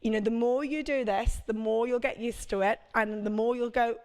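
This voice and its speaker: A woman's voice: on the high side, fairly even intonation, moderate pace, a little mellow. A woman, a prenatal fitness instructor, coaching a live workout class with chatty, encouraging cues and check-ins.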